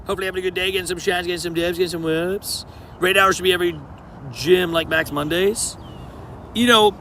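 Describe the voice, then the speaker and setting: A man's voice: high-pitched, fairly bright tone, a little hiss or hum. A young man streaming casually to his live chat, laid-back and slangy, greeting viewers by name while outdoors.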